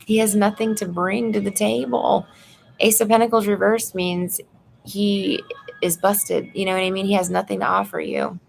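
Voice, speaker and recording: Creaky-voiced woman giving a blunt tarot reading. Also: mid-range voice, normal speed, a little hiss or hum. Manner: blunt, chatty, addresses viewer as "girl". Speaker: tarot reader. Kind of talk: live tarot reading, casual chat. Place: apartment room at home. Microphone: phone.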